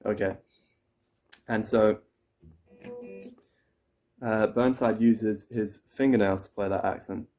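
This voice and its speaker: Male guitar teacher, low voice, casual step-by-step explaining, loud guitar playing behind. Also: steady tone, slow pace, pauses often. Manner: explains step by step, counts and sings pattern syllables while playing. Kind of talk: casual instructional talk. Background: acoustic guitar playing.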